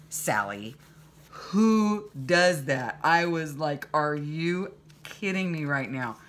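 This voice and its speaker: A woman's voice: a bass voice, a little hiss or hum. A woman vlogger casually telling a story to her viewers, chatty and indignant, acting out quoted lines. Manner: chatty, animated retelling with quoted dialogue; exasperated, indignant.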